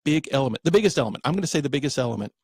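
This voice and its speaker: A man's voice: mid-range voice, animated. A man hosting a radio talk show in a studio, chatty and correcting himself as he goes. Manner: chatty, self-correcting, slows for emphasis.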